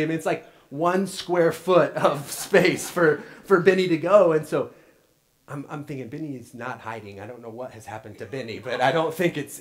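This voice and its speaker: A man in his thirties giving a sermon in a church. He tells a family story in an earnest way, often repeats his first words, and swings between loud and hushed. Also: on the high side, low-quality recording. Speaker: pastor. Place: church sanctuary.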